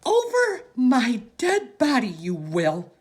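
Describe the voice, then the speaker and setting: A woman reading an audiobook, voicing a frantic grandmother yelling through tears in a shrill voice. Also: wildly swooping pitch, slow, husky, full character voice. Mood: tearful fury. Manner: shrill, sobbing yells.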